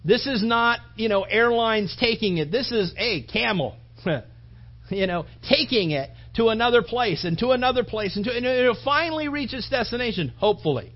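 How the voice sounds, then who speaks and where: A man's voice: extremely high pitch, animated, moderate pace, muffled recording. A male pastor preaching a sermon in an earnest, emotional, conversational way.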